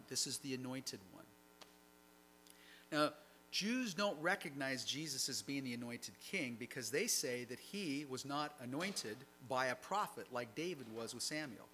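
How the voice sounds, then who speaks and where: A man's voice: mid-range voice, sharp tone, slight background noise, rough recording. A man preaching a sermon, reading scripture aloud and explaining it in a conversational way. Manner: reads passages aloud then comments conversationally.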